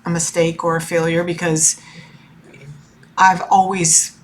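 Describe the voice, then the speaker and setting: A woman's voice: lowish voice, little pitch movement, unhurried, slight background noise. A woman in her forties talking about her family in a personal vlog, emotional and rambling, full of fillers and restarts. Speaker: tarot reader and life coach.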